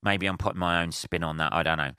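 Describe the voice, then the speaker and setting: A man's voice: low-pitched, steady tone, fast talker, bright, forceful tone, clear, resonant tone, dry recording, studio quality. A man hosting a solo podcast, talking in a rambling, profane, casual rant with many fillers and restarts. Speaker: podcast host. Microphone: handheld portable recorder.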